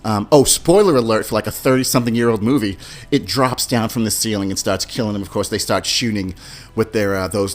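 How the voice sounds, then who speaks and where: A man hosting a casual podcast, telling movie scenes in an animated way and imitating beeps and lines. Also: on the low side. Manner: animated storyteller, mimics beeping sounds and movie lines. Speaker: podcast host.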